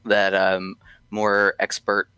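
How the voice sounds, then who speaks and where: A man's voice: fairly low pitch, completely flat delivery, takes it slowly, pushed and bright, clear, resonant tone, no room sound. A man guesting on a podcast, talking casually and hesitantly with many ums and restarts. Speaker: guest from a tobacco brand.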